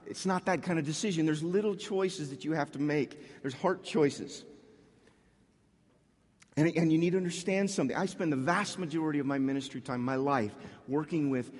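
A man preaching a sermon as a pastor, talking in a conversational way with frequent restarts and animated asides. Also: on the high side, in a large hall.

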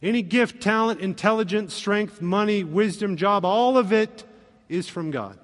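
A man preaching a sermon as pastor, animated and acting out quoted voices. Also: high-pitched, unhurried. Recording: long reverb of a hall.

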